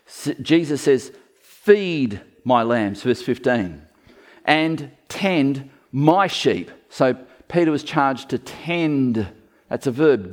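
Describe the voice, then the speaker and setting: A man's voice: mid-range voice, a little mellow. A man preaching an expository sermon to a live church congregation, stressing key words and speaking directly to his listeners. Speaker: pastor.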